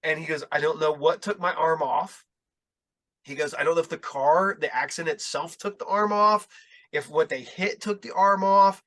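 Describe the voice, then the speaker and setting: A man's voice: on the high side, fairly even intonation, normal speed, fairly bright tone. A man hosting a podcast, chatting casually, telling a rambling story in which he acts out quotes and swears now and then. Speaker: podcast host. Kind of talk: casual chat.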